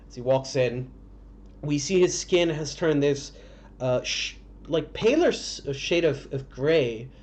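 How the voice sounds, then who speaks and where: A man narrating a tabletop game as game master, describing scenes in a halting, descriptive way. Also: on the high side, expressive, a little mellow. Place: home streaming setup.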